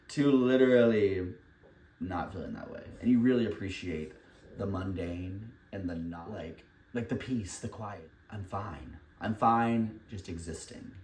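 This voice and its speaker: A man's voice: fairly low pitch, darkish tone, slight background noise. A young man vlogging while baking at home, talking candidly and rambling, laughing often and swearing casually. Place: home kitchen, indoors. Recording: echoey room, distant mic.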